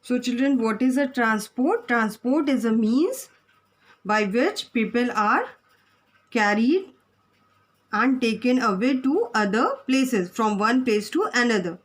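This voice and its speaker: A woman's voice: on the high side, lively intonation, takes it slowly. A woman teacher, giving a lesson to children and spelling words out letter by letter.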